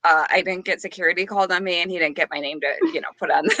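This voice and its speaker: A woman on a podcast, chatting casually and telling an animated story, giggling and acting out the quotes. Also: fairly low pitch, quick pace, no echo. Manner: giggly, acts out quotes, many restarts. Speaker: podcast co-host.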